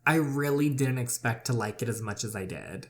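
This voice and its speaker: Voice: medium pitch, moderate pace, lightly acted. A gamer reading the lines of a teasing young woman heroine in a romance story game. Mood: playful.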